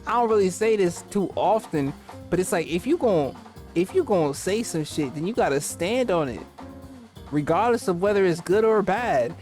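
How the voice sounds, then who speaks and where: A man's voice: high voice, animated, moderate pace, darkish tone, soft background music. A man hosting a casual chat and giving blunt opinions in slang. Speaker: host.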